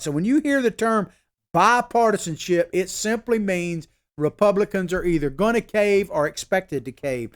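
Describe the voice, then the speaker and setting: A man's voice: high voice, expressive, normal speed. A man hosting a political commentary show, emphatic and folksy, repeating his points for stress and talking with filler asides.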